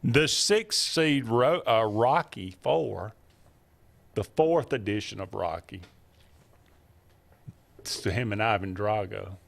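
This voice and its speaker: A man hosting a casual sports talk radio show, bantering with a co-host and often pausing on fillers. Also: fairly low pitch, vocal fry.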